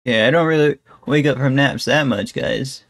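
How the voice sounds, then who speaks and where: A man's voice: mid-range voice, normal speed, vocal fry, over music. Laid-back male streamer reacting. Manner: laid-back slangy, calls chat bro and guys. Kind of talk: casual reaction commentary.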